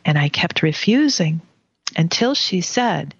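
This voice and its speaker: A woman telling a personal spiritual story in a soft, unhurried way during a conversation. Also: lowish voice, fairly even intonation, dry recording, muffled recording.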